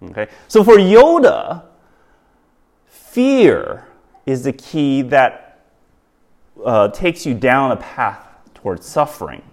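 A man preaching a sermon, halting, with many fillers and restarts and rhetorical questions to the audience. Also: mid-range voice, very animated, a little mellow.

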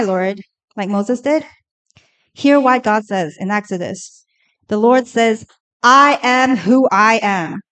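A woman preaching a sermon in a lively, conversational way, asking the listeners questions. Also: fairly high pitch, poor audio.

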